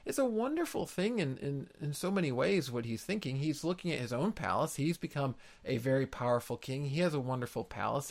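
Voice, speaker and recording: A man's voice: mid-range voice, gravelly, fairly bright tone. A man preaching an expository sermon in an earnest way, repeating words for emphasis. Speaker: pastor.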